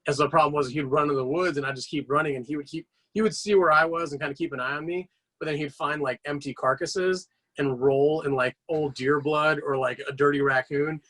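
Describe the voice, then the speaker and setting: His voice a little high and his delivery fairly quick, a man guesting on a podcast launches into long, animated anecdotes. The casual storytelling is rambling and dotted with fillers and restarts.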